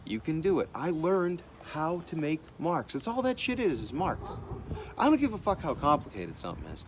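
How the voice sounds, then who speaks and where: An artist talking in a blunt, animated monologue, swearing freely as he gives his opinions. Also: fairly high pitch, normal speed, background noise. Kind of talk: casual profane monologue.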